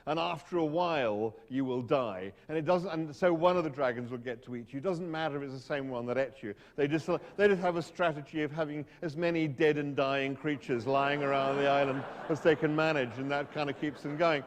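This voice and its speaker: A man's voice: on the high side, a little fast, hardly any pauses, big-room sound. Wry, hesitant man telling a story on stage. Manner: hesitant, self-interrupting, wry. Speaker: speaker giving a talk. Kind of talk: humorous storytelling talk to an audience.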